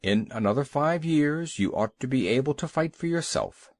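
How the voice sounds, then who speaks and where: A man's voice: medium pitch, expressive, moderate pace, no room sound, studio quality. A man voicing a stern, proud old father seal in a storybook, giving firm advice.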